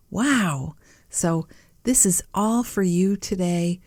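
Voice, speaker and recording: A woman host speaks slowly and softly in a mellow, fairly low voice. She muses gently to her listeners with playful little asides. The sound is close and dry. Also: no room sound. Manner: soft, warm-hearted, musing, with playful asides and small laughs. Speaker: podcast host. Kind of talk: gentle reflective talk to listeners.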